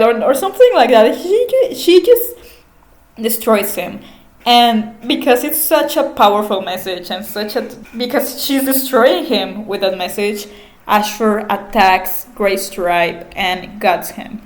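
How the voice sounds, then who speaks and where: A woman's voice: medium pitch, animated, measured pace. A woman casually recapping a book, chatty, laughing often and swearing freely. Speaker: vlogger. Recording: echoey room.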